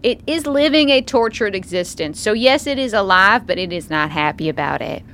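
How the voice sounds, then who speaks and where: Animated woman player in a tabletop game. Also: mid-range voice, moderate pace, slight background noise. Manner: animated, laughing, theatrical.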